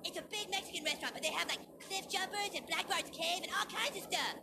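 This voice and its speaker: Shrill, excited cartoon kid. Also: quick pace, creaky, full character voice. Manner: shrill, hyped-up chatter. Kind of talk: animated cartoon clip.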